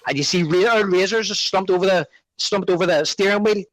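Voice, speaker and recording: A man's voice: high-pitched, brisk, no echo, rough recording. A man co-hosting a podcast, chatting casually about a film and acting out its lines. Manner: animated, quotes film lines in character. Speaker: podcast co-host.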